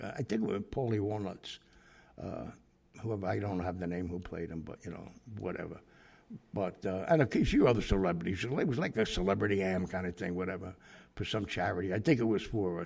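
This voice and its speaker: Male storyteller, low and gravelly, loose and rambling, keeps correcting himself mid-anecdote. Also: darkish tone. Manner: rambling, full of asides and self-corrections. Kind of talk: casual anecdote.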